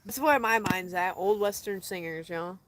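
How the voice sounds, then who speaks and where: A woman's voice: medium pitch, moderate pace, noisy background. A woman chatting casually to her live viewers outdoors, rambling and correcting herself as she goes. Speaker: vlogger answering live chat. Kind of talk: casual livestream chat. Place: outdoors in the desert.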